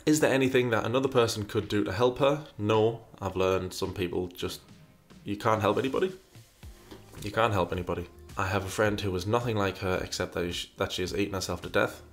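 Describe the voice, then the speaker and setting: A man's voice: lowish voice, fairly even intonation, fairly quick, faint music behind. A man hosting a casual question session, reading out viewer questions and mulling over each answer while often repeating himself. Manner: reads questions aloud, muses, repeats himself. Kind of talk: casual chat.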